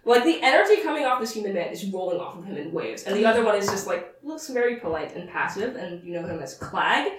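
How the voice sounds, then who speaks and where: A woman's voice: mid-range voice, sing-song, quick pace, few pauses. Rambling woman game master. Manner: chatty, rambling, full of "like". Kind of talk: narrating a tabletop game. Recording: roomy distant mic, faint noise.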